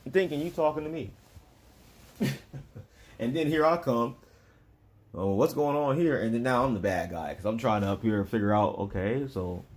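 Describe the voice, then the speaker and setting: A man talking straight to his viewers in a loose, digressive monologue, often restarting and chuckling between points. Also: medium pitch. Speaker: vlogger. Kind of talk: casual rambling monologue.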